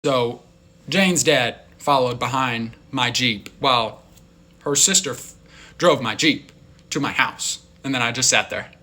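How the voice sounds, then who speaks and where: A young man telling a story in a rambling, animated way, full of filler words. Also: mid-range voice, measured pace. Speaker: vlogger. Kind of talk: casual storytelling.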